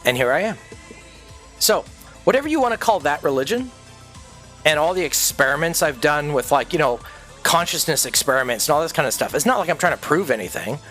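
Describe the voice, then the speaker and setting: A man's voice: a little high, lively intonation, fairly quick, fairly bright tone, soft background music. A man streaming a profane, intense, rambling monologue full of swearing. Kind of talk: ranting livestream monologue.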